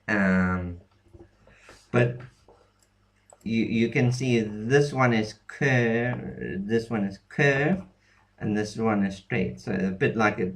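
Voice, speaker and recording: A man explaining alphabet letters in a casual lesson, halting often with ums and restarts. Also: lowish voice, fairly bright tone. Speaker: language teacher. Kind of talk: casual screen-share lesson.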